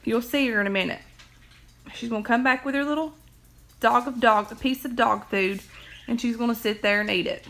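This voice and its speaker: A woman's voice: a little high, brisk, a bit bright, slight background noise. A woman, chatting rambly on a phone livestream from her couch at home, drawling and laughing at her own stories. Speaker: livestream host. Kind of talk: rambling casual chat.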